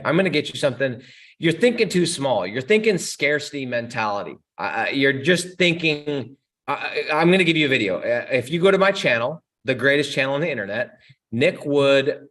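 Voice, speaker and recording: A young adult man hosting a casual live Q&A stream, answering chat questions with energetic, slangy talk aimed straight at his viewers. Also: mid-range voice.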